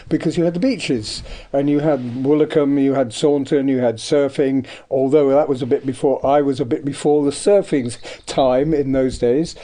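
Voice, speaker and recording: Older Devon-raised man, mellow tone, anecdotal radio guest. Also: medium pitch. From Devon, England. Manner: rambling, anecdotal, many ums. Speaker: guest, artist. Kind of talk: radio interview chat. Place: radio studio.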